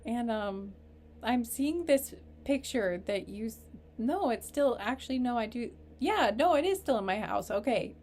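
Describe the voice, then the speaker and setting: A woman giving a casual tarot reading, rambling and halting, earnest and openly emotional. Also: on the high side, lively intonation, darkish tone, a little hiss or hum. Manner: rambling, halting, full of fillers and restarts. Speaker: tarot reader. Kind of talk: casual spiritual reading to camera.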